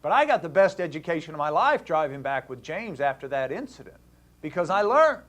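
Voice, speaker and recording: High-voiced, lively male talk show host. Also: a little fast. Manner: animated, acts out dialogue in the story. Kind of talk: casual storytelling to a caller.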